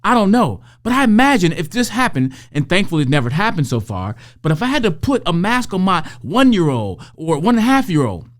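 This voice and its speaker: A woman giving a motivational talk to parents and educators, conversational, slowing down to draw out key phrases. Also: on the low side, very animated.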